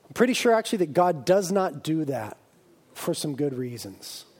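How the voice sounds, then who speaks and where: A man preaching a sermon as a pastor, lively and humorous, acting out exaggerated voices of his listeners. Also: on the high side, normal speed, husky. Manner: animated, acts out comic voices of his congregation.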